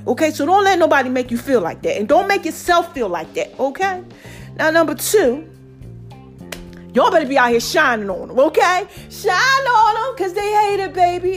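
A woman hosting a podcast, giving casual motivational talk in a playful way, repeating phrases and calling her listeners "baby.". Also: high voice. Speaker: podcast host.

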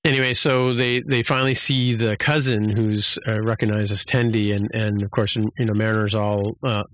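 A man's voice: fairly low pitch, flat delivery, normal speed, fairly bright tone, no room sound. A man hosting a podcast, casually recapping an episode with many fillers and restarts. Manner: rambling, many fillers and restarts, acts out quotes.

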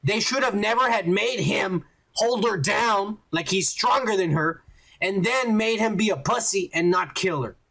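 A man's voice: sits high, lively intonation, measured pace, gravelly, bright, forceful tone. A man hosting a podcast, ranting heatedly and swearing a lot while reviewing a show. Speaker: podcast host. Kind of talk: casual ranting review chat.

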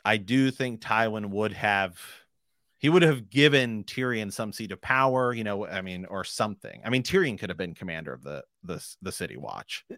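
A man's voice: lowish voice, lively intonation, moderate pace, a bit bright, dry recording, studio quality. A man co-hosting a casual book discussion podcast, rambling and often restarting his sentences. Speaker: podcast co-host.

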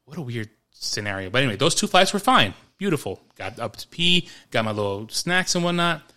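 A podcast co-host from New York tells a story during a casual chat, animatedly acting out quotes and laughing as he goes. His voice is medium-pitched and fairly quick.

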